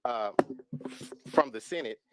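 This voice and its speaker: A man, a professional genealogist, testifying at a legislative hearing in a measured, firm way from prepared remarks at a public microphone. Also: mid-range voice, very noisy. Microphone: standing public microphone.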